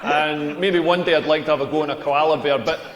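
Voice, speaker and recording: A man's voice: a little high, fairly even intonation, fairly quick, a bit bright. A Scottish man in his forties from rural Scotland, doing a wry, self-mocking stand-up set on a club stage and often laughing as he talks. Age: 40s. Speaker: stand-up comedian. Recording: echoey live venue with reverb.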